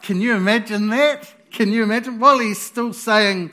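A man preaching a sermon in an animated, playful way, with sudden loud exclamations. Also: sits high, moderate pace, few pauses.

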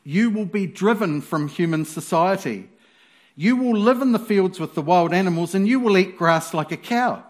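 A man's voice: sits high, lively intonation, normal speed. A man voicing the commanding voice of God calling down from heaven, solemn and proclaiming.

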